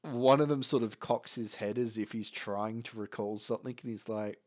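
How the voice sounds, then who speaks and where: A man narrating as game master in a measured, descriptive way. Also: fairly low pitch, fairly even intonation, a little mellow.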